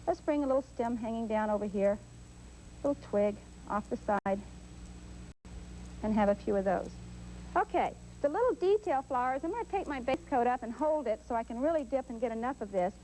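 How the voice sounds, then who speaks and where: A woman hosting a painting show, gently talking viewers through a step-by-step demonstration. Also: a little high, expressive, fairly quick, rough recording. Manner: gentle, encouraging instructor. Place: TV studio. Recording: faint hum from old VHS tape.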